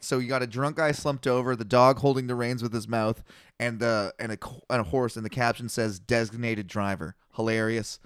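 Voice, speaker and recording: A young man co-hosting a casual comedy podcast, telling stories with lively jumps in pitch. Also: clear, resonant tone, dry recording, studio quality. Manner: animated storyteller, jumps pitch for quoted voices. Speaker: podcast co-host.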